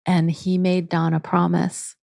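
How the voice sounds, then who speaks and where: Earnest, mellow-voiced woman guest. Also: on the low side, monotone, unhurried, vocal fry, no echo, clean studio sound. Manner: earnest, with frequent restarts. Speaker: guest, integrative therapy teacher. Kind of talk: casual interview talk.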